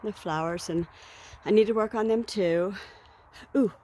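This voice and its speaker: A woman's voice: mid-range voice, unhurried, dark tone. Chatty woman rambling through her garden. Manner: rambling, chatty, laughs often. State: out of breath. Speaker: vlogger. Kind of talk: casual vlog chat. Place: outdoors in a home garden.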